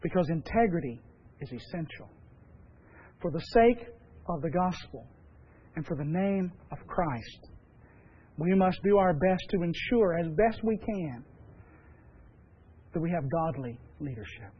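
A high-pitched male pastor delivers a sermon in an emphatic, measured way, leaning on repeated phrases. The sound is dull and lo-fi, as if from a radio broadcast. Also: expressive, breathy edge.

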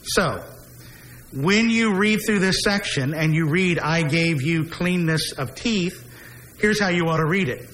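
A man preaching an expository sermon who slows down and stresses key phrases, dropping his voice low on repeated refrains. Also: a bit bright, a little hiss or hum, low-quality recording.

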